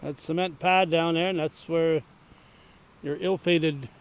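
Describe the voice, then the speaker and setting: A man with a gravelly, slightly high voice hosts a relaxed outdoor interview. He leads his guest along with easy questions and short prompts, keeping the talk loose and friendly. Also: a little slow, poor audio. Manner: easygoing, chuckling interviewer asking leading questions. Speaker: local cable show host. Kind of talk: casual interview. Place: outdoors at a rural home.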